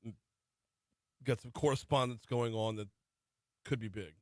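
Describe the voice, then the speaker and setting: A middle-aged man hosts morning talk radio from a studio, with an even, mid-range voice. He reads through the top stories but keeps breaking off into conversational asides. The sound is dry and close on the mic. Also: medium pitch, a little slow, no echo. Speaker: radio morning show host. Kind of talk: talk radio news rundown. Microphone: studio microphone.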